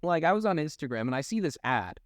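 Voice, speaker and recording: A young man chats casually as a podcast co-host, his fairly high voice swinging widely in pitch as he jokes and laughs. The sound is dry and close to the mic. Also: sing-song, fast, dry recording. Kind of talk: casual chat.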